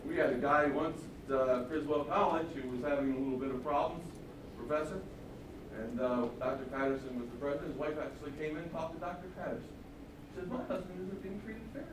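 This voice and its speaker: A man preaching a sermon in an animated storytelling style, often acting out the lines he quotes. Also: mid-range voice, quick pace, recorded from a distance, background noise. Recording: echoey hall, mic from afar.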